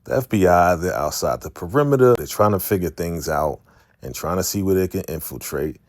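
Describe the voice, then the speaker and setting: A man's voice: low voice, expressive, a little fast, no room sound, studio quality. A man casually recapping a TV episode for his viewers, chatty and calling them family. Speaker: recap host.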